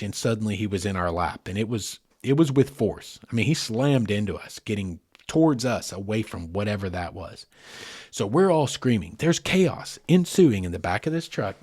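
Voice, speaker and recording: A man, hosting a podcast and telling a scary story from his own life in an animated, dramatic way. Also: mid-range voice, slightly rough, no echo, studio quality. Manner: animated, dramatic retelling with sound effects. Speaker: podcast host. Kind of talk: first-person storytelling.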